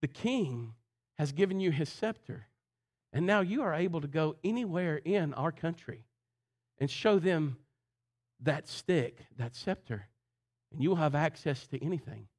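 A patient local helper, as a preacher plays him, speaking softly and steadily. His voice stays close to the preacher's own, with a little more lift. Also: a little high, animated, measured pace, pitched above the performer's own voice. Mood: reassuring. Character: calm local helper man explaining kindly.

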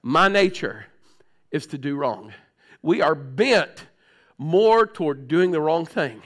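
High-voiced animated preacher man. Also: slow. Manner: animated, swings from loud outbursts to hushed low tones; frequent throat clearing. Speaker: pastor. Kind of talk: sermon.

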